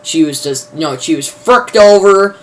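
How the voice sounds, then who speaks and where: A man's voice: fairly high pitch, animated, moderate pace, slight background noise. A man giving a casual, rambling plot recap, full of fillers and mild cursing. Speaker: video reviewer.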